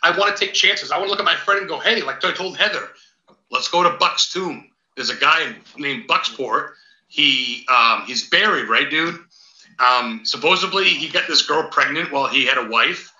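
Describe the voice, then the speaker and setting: A man, a paranormal investigator, chatting as a podcast guest, telling stories in an excitable, rambling way with casual swearing. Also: fairly high pitch, normal speed. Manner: excitable rambling storyteller, swears, calls host dude and big dog. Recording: roomy, dull lo-fi sound.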